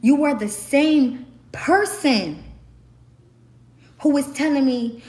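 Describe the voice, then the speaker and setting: A young woman from the American South with a Southern accent, hoarse from screaming, ranting sassily and emphatically to camera. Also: high voice, slow pace, pauses often, darkish tone. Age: young adult. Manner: sassy, emphatic, repeats herself. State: hoarse, voice worn out. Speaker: vlogger.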